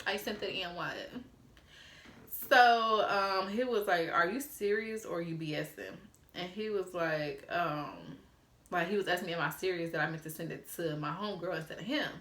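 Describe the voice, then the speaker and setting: A woman in her twenties telling a story to camera, animated and profane, laughing as she acts out old text messages. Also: lowish voice, moderate pace, reverberant. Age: 20s. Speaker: storytime vlogger.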